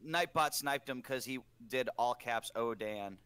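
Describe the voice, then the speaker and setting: A man's voice: mid-range voice, measured pace, fairly bright tone, smooth. A young man on a podcast, chatting casually and acting out quotes in funny voices. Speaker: podcast co-host. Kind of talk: casual chat.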